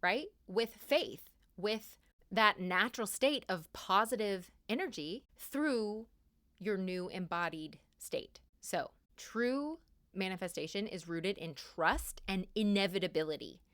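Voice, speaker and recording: A young woman hosting a podcast, giving casual spiritual advice in an emphatic, animated way and repeating key words for stress. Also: mid-range voice, slow. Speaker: podcast host.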